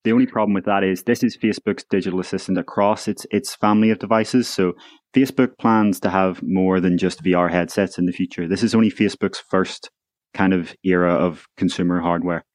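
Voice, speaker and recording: A man's voice: deep voice, fairly even intonation, brisk, darkish tone, dry recording, clean studio sound. A man co-hosting a live tech news stream, explaining his views and asking pointed questions. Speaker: co-host of a VR news livestream. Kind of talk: casual livestream chat.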